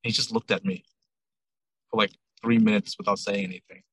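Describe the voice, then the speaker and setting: A ramen shop owner with a lowish, slightly rough voice tells a story a little quickly in a casual interview. He's chatty and animated, acting out dialogue with lots of "I'm like" quotes, on a low-quality recording.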